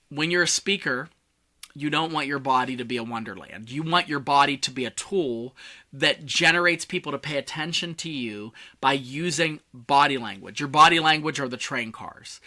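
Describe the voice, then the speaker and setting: A man teaching a public speaking lesson in a casual, joking way. He shifts his volume and tone on purpose, from big and loud to soft and hushed. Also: a little high. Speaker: communication coach.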